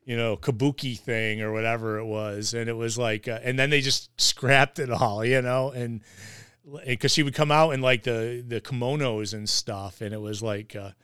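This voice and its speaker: A man's voice: medium pitch, fairly even intonation, normal speed, a bit bright, clean tone, dry recording, studio quality. A man hosting a casual wrestling podcast, rambling with lots of fillers and restarts. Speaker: podcast host.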